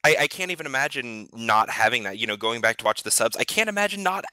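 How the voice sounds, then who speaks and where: A man's voice: medium pitch, expressive, fast talker, sharp tone, clear, resonant tone, dry recording. A man talking casually as a podcast participant, often repeating words as he starts a thought. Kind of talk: casual chat.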